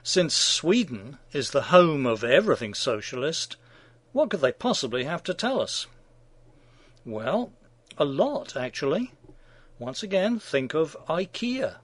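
A man's voice: a little high, big pitch swings, measured pace, fairly bright tone, husky, no room sound. A man delivering scripted opinion commentary in a sardonic, mocking manner.

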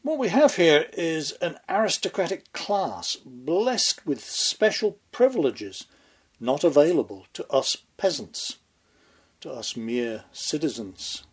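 A man reading scripted commentary in a husky, slightly raised voice, unhurried and deliberate. His delivery is sardonic, with dry sarcasm and pauses for effect. The pitch swings widely as he mocks and emphasizes. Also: big pitch swings. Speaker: commentary host.

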